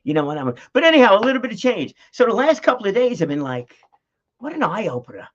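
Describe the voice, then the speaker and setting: This middle-aged vlogger talks fast in a high-pitched voice with big pitch swings, chatting and rambling at home with plenty of fillers and laughs. A dog is near him, and the recording is dull lo-fi.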